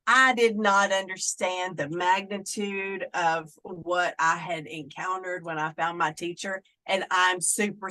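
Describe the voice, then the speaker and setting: A woman's voice: on the low side, sharp tone, rough recording. A middle-aged woman, a Wiccan clergy member, talking casually in an interview and slipping into playful voices when she quotes people.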